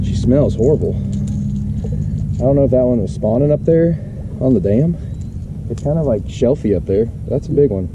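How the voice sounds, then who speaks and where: A man who fishes bass tournaments, chatting excitedly on his boat for a fishing vlog. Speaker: tournament bass angler and host. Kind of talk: live talk on a fishing vlog. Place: on a boat on a lake, outdoors. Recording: dull lo-fi audio with loud boat noise.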